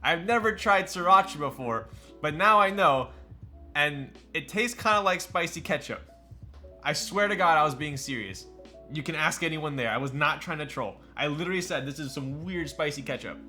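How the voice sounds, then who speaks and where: Man, live streamer, bright tense voice, casual joking chat, laughs a lot, faint background music. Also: on the high side, lively intonation, normal speed. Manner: chatty and joking, replies to chat, laughs often. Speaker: live streamer building a keyboard.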